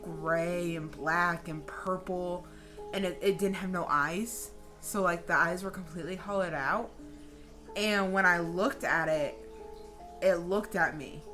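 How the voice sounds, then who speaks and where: Bright-voiced, profane woman telling a story. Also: fairly low pitch. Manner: animated, profane, dramatic storyteller. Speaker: vlogger. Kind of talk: casual storytelling.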